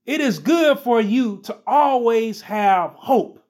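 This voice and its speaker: A man's voice: very high-pitched, expressive, a little mellow. A man preaching a sermon, emphatic and repetitive, building stress on key phrases. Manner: slow, emphatic, repeats phrases with rising stress.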